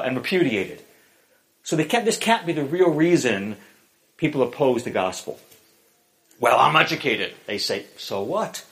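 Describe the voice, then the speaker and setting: A man preaching a sermon in a church, his voice sitting a little high and swinging widely in pitch. He delivers it with lively emphasis and fills his pauses with frequent "uh"s. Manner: animated preaching with many "uh" fillers, acts out quoted voices. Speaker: pastor.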